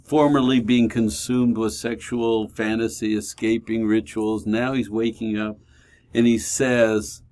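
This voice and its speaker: A man co-hosting a radio program, talking in an earnest, reflective way and slowing down when he quotes others. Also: on the low side, level tone, darkish tone. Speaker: radio show co-host. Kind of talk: reflective conversation.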